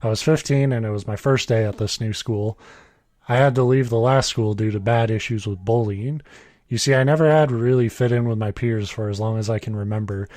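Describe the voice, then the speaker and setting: A man in his early thirties reads a story aloud on a casual podcast, pausing for asides, chuckling, and correcting himself. His voice is fairly low, brisk, and a little mellow, with no echo.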